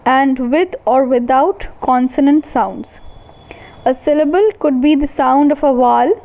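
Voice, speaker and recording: A woman university lecturer giving a recorded lecture, slowly and deliberately defining terms one by one. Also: sits high. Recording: tinny phone-like sound.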